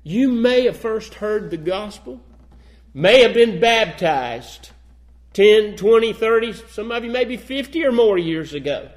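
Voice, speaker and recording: A man's voice: high-pitched, animated, unhurried. A man preaching a sermon, reading old-fashioned scripture aloud and then pressing his points with rising emphasis.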